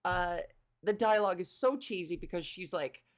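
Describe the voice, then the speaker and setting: A woman in her thirties hosting a comedy podcast, ranting in an animated, exasperated, profane way. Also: lowish voice, moderate pace. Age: 30s.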